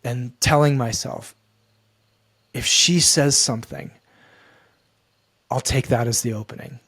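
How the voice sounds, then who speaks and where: A man, a guest on a podcast, telling a personal story in an earnest, halting way that repeats and restarts phrases. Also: mid-range voice, creaky, fairly bright tone, slightly rough, dry recording. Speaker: guest, men's coach.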